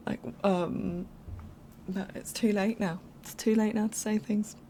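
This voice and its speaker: A woman's voice: medium pitch, fairly even intonation, slow, mellow, a little hiss or hum. A young woman giving casual, rambling voiceover commentary over a game build from home, chatty and apologetic, often laughing. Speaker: game speed-build creator.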